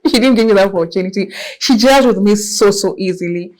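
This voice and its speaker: A young Kenyan woman with a Kenyan accent, telling her story in a lively, expressive way in a casual interview. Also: mid-range voice, a little fast. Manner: lively and expressive, mixes in Swahili words. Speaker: guest entrepreneur.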